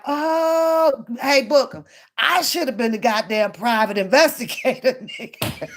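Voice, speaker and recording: A woman hosts a casual reaction video, trading blunt, profane remarks with her audience. She laughs often. Her voice sits a little high. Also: slow, long pauses. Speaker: reaction channel host.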